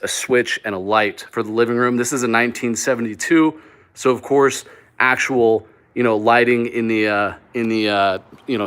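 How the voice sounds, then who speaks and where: A man with a mid-range, fairly bright and clean voice hosts a live stream as he walks through a small mobile home he's flipping. Indoors for this live walk-through vlog, he talks in an upbeat, rambling way with lots of fillers and restarts.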